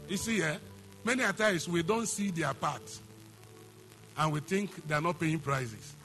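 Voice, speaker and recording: A man's voice: fairly high pitch, measured pace, gravelly, pushed and bright, soft background music. A man preaching a sermon, emphatic, repeating phrases and asking the congregation questions. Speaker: pastor.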